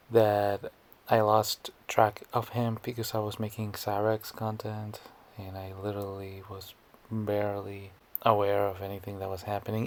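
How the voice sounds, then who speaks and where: A man's voice: fairly low pitch, darkish tone. A man giving scornful, blunt reaction commentary, often stammering and repeating words. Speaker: commentary YouTuber.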